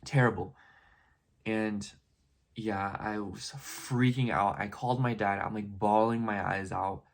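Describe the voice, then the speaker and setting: A man's voice: on the low side, steady tone, unhurried, creaky. A young man telling a story in a casual vlog, rambling and filling his talk with "like" and "you know". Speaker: vlogger.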